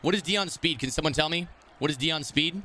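Brash male streamer, slightly high, bright voice; excitable live game commentary with trash talk. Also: brisk, slight background noise.

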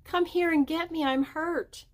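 A woman voicing a frightened, hurt little girl in a storybook reading, speaking in a high, pleading voice. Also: steady tone, unhurried.

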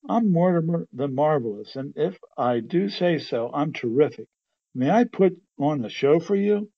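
A man's voice: a little high, animated, moderate pace, lo-fi sound. A man voicing a male stage magician, shy at first yet grand and scornful, in a storybook reading. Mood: boastful.

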